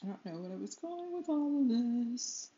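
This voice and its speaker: With a fairly high, sing-song voice of dark tone at normal speed, an American woman who hosts an art channel talks casually as she paints despite allergies. She drifts from thought to thought, laughing at herself when she loses track, in a roomy, slightly dull room with faint music underneath.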